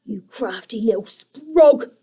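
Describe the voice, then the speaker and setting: Woman playing a loud growly creaker boss monster, hissy, bossy, storybook reading. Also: a little high, animated, slow pace, heavily acted. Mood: spiteful. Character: bossy male creaker creature, gruff leader of the pack.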